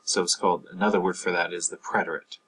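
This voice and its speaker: A man's voice: sits low, level tone, fast, fairly bright tone, slight background noise, low-quality recording. A man teaching a lesson on Spanish past-tense verbs, explaining patiently with frequent fillers. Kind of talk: recorded language lesson.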